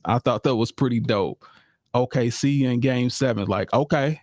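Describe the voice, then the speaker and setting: Recorded dry and clean in a studio, a man with a fairly low, somewhat dark voice speaks in a sing-song way at moderate speed, with some vocal fry. Hosting a live sports podcast, he chats easily, repeats phrases, and often addresses listeners as "y'all."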